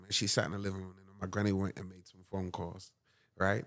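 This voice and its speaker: A man appearing as an interview-show guest tells a personal story in a low voice, fairly quickly. His animated, dramatic style includes many "right?"s.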